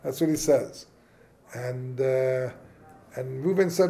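A man with a warm, mid-range voice teaches at a measured pace. His informal Talmudic lesson is casual and questioning, with Hebrew and Yiddish terms woven into yeshivish-flavored English.

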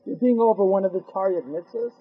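A man teaching an animated Torah class, firing rhetorical questions, acting out dialogue and using Hebrew and Yiddish terms. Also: high-pitched, quick pace, husky. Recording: dull lo-fi recording.

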